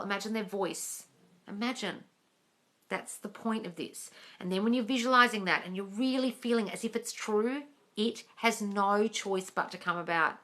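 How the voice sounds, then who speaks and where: Pushed and bright at a medium pitch, this woman works as a manifesting coach fielding viewer questions on a livestream. Direct in her delivery, she calls listeners darling and guys, and her phone serves as the microphone.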